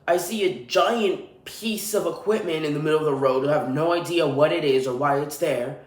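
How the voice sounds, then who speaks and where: A man hosting a solo podcast, ranting in an irritated, profane way. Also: high voice. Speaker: podcast host. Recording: roomy echo.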